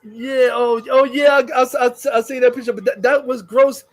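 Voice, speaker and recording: A man in casual chat, excitable and profane, often laughing. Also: extremely high pitch, moderate pace, a crowd in the background.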